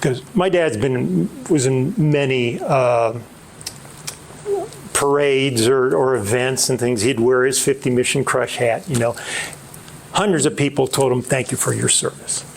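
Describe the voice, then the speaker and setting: A middle-aged man tells a family story at a slow, unhurried pace, with a gravelly edge to his voice. He speaks haltingly and often restarts his sentences. A faint hiss sits under the recording. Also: mid-range voice. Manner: halting, many restarts and fillers. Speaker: author. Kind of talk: storytelling book talk.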